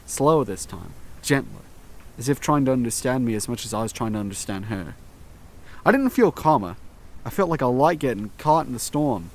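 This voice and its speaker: A man reading a first-person horror story aloud, in slow, tense scripted narration with dramatic pauses. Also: mid-range voice, a little mellow.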